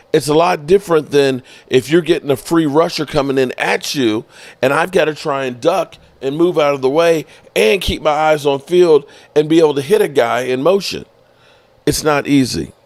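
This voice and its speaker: A man hosting a sports podcast, casually explaining football plays in an animated, profane way. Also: mid-range voice. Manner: animated, explanatory, swears freely.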